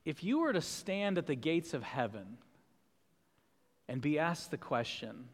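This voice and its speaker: A man pastor delivers an emphatic sermon in a church sanctuary, stacking up repeated refrains. His voice sits high for a man. A long reverb from the large hall carries behind his words. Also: big pitch swings, measured pace, pauses often.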